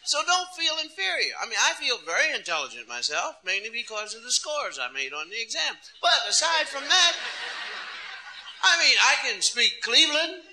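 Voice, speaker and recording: Animated high-voiced male stand-up comedian. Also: brisk, few pauses, slight background noise, rough recording. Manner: animated, playful storytelling.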